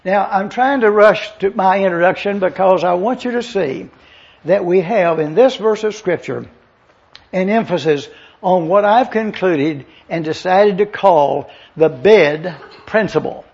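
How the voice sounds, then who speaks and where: Husky high-voiced older male pastor. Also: a little mellow, dull audio. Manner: slow teaching, spells out Greek words letter by letter. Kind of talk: expository sermon.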